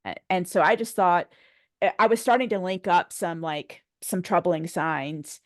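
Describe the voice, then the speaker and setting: Low-voiced woman telling a lively story. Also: unhurried, dry recording, studio quality. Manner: animated storyteller, acts out quoted dialogue, laughs often. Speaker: podcast guest. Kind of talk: conversational storytelling.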